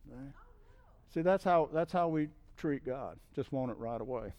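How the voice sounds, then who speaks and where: A middle-aged man preaching a conversational sermon as a guest speaker, often checking in with "okay?" and building to emphatic, loud peaks. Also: medium pitch, animated, moderate pace, lo-fi sound. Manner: repeats "okay?" to check in with listeners.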